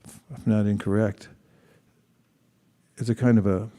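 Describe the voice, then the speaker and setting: Mellow-voiced man leading a scripture class. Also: fairly low pitch, flat delivery. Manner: thoughtful, questioning, pauses to rephrase. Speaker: class leader.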